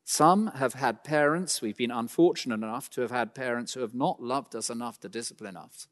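A man preaching a sermon, swinging between loud emphatic lines and quiet slowed phrases, with dry asides. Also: mid-range voice. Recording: long hall reverb.

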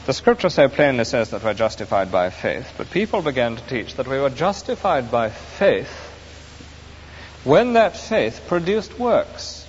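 A man's voice: mid-range voice, big pitch swings, moderate pace, few pauses. A man preaching an earnest, emphatic sermon, explaining scripture to his congregation. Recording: dull echoey hall recording with faint hiss.

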